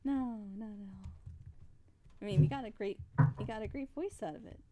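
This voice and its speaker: A woman's voice: a little high, moderate pace, heavy background noise. A young woman voice actor chatting casually on a drawing stream. She laughs often and acts out what people said.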